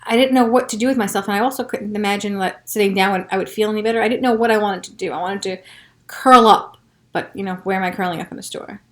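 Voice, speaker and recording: A woman hosting a podcast, telling a personal story in a frank, profane way, moving from hushed recounting to heated frustration. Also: mid-range voice, steady tone, fast. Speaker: podcast host.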